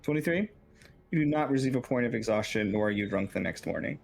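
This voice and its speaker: A man's voice: medium pitch, fast talker, vocal fry. A young man narrating as game master, loose and casual, often laughing and swearing.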